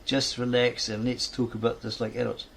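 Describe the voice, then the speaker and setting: A man voicing a calm, soothing young actress. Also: mid-range voice, vocal fry, slight background noise. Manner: measured, soothing.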